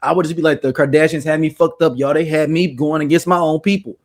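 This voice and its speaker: Brief: man podcast host, loose and joking, a bit high-pitched. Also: fast talker. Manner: loose, joking, animated storytelling. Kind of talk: casual chat.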